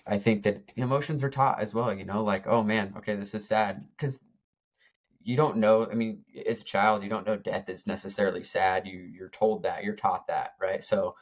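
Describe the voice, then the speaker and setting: A man's voice: fairly low pitch, highs cut off. A man in casual podcast chat, speaking reflectively and easygoing.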